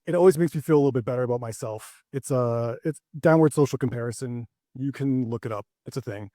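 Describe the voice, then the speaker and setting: A young man doing a stand-up set, rambling and hesitant with many restarts, landing deadpan punchlines. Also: medium pitch, no echo, studio quality. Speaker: stand-up comedian.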